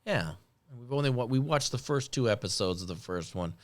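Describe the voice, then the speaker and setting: A man co-hosting a podcast, chatting casually in halting sentences that often trail off. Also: mid-range voice, lively intonation. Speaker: podcast co-host. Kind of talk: casual chat.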